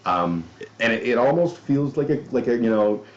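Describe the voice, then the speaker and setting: A man's voice: mid-range voice, animated, normal speed. A man hosting a podcast in a casual chat, rambling loosely with casual swearing and self-deprecating asides. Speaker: podcast host. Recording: dull lo-fi audio.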